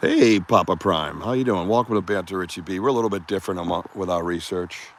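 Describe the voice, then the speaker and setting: A man's voice: low-pitched, quick pace. A man hosting a casual live stream outdoors by the water, joking and bantering loosely while talking into a phone. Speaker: podcast host.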